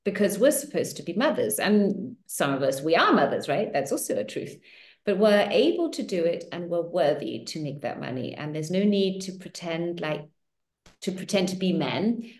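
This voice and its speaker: A woman's voice: lowish voice, roomy sound. Encouraging woman coaching a group. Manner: encouraging, animated, repeats affirmations. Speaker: host of a women's money circle. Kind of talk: coaching talk to an online group.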